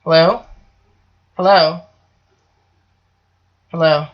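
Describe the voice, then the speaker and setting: A woman's voice: sits low, steady tone, extremely slow. A woman host telling a story in casual chat, swearing freely and often asking 'right?'. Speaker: podcast host. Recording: dull lo-fi online call audio.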